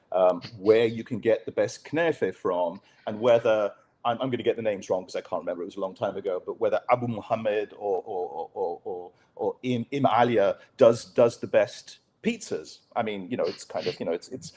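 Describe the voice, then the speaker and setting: A man's voice: fairly low pitch, darkish tone. A journalist man telling a candid, self-deprecating story as a podcast guest. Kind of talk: conversational storytelling.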